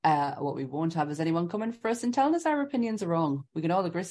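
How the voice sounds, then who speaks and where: A woman's voice: lowish voice, expressive, fast talker, darkish tone. A woman co-hosting a podcast, giggly in chat, who reads the disclaimer in a careful posh voice. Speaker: podcast co-host. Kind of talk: casual chat.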